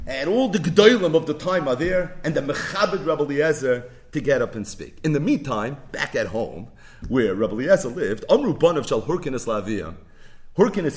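Animated style male Talmud teacher. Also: on the high side. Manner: animated storytelling, mixing English with Hebrew and Yiddish terms. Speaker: Torah teacher. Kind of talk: Talmud lecture.

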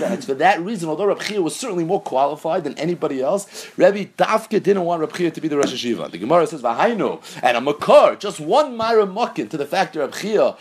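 A man's voice: fairly high pitch, animated, quick pace. A man teaching a Talmud lesson, reading the Aramaic text and explaining it in English with Yeshivish Hebrew terms.

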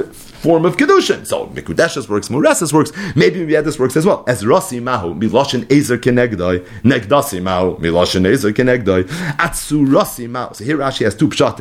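A man teaching a Talmud lesson in English, explaining each term in an animated, sing-song study cadence. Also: medium pitch. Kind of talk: daf yomi Talmud lesson.

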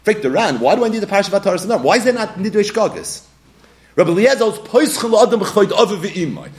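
A man with a Yeshiva English accent teaching a Talmud class, animated and acting out little scenes in different voices. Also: high-pitched, quick pace.

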